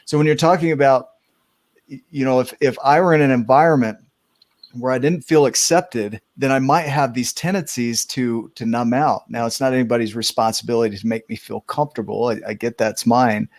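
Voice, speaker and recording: A man's voice: mid-range voice, fairly even intonation, a little fast. A man hosting a podcast, reflecting thoughtfully in a conversational way, often restarting his sentences. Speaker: host.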